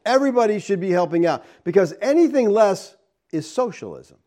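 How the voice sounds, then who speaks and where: Middle-aged pastor preaching conversationally. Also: male voice, big pitch swings, a little fast, mellow. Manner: conversational, keeps asking "okay?" and "all right?"; acts out quoted people in a higher voice. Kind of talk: sermon.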